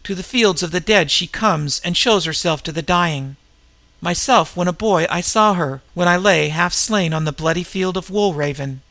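Brief: a man doing an older warrior, wild-eyed and solemn, crisp dry voice. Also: high voice, moderate pace, pushed and bright, no echo. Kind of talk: audiobook reading.

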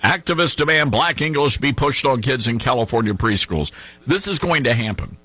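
Male talk-show host: lively, forceful delivery with a slightly husky edge, reading headlines aloud and pressing a co-host with questions. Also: mid-range voice, normal speed.

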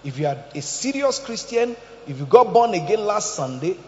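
Male pastor, high and animated voice, sermon in a reverberant church hall. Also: moderate pace. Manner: animated preaching, swings from shouting to hushed. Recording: echoey hall, muffled sound.

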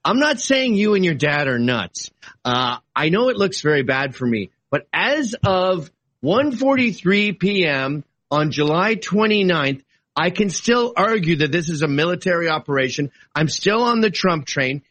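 A political guest with a slightly high voice argues his side of a heated debate at a moderate pace. He's animated and combative, shifting between casual asides and sudden exclamations.

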